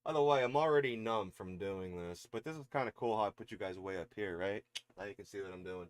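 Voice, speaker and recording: Setting up his gear in a casual vlog, a man talks fast to his viewers, cursing freely as he goes. His tone is clean with no echo, and he coos at his cat in high-pitched baby talk.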